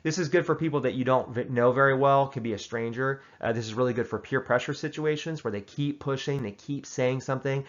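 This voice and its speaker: A man hosting a casual comedic advice monologue, delivering tongue-in-cheek tips in a mock-serious, deadpan way with frequent restarts. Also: mid-range voice, brisk, hardly any pauses, muffled recording.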